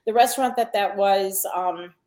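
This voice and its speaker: Middle-aged woman, podcast guest, chatty storyteller, lots of ums and restarts, average pitch. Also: normal speed, darkish tone. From Long Island, New York. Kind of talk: casual conversation.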